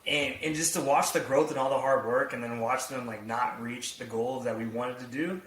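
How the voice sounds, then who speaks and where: A man's voice: medium pitch, steady tone, normal speed, a bit bright. A man co-hosting a podcast in casual chat, rambling with many fillers. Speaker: podcast co-host and youth coach. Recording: echoey room, distant from the mic.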